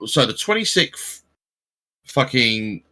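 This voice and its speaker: A man chatting on a podcast in a mid-pitched voice that rises and falls a lot as he talks. He is sarcastic and swears casually, building up his points like a story. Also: sing-song, slow pace, bright, forceful tone. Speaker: podcast co-host.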